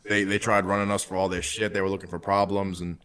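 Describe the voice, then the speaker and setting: A young man with a fairly low voice talks loosely on a call, packing his sentences with "like" and "bro". His speech comes through a phone. He sounds casual and unhurried. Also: flat delivery, fairly bright tone, smooth. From New York. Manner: rambling, lots of "like" and "bro". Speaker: caller. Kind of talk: casual chat.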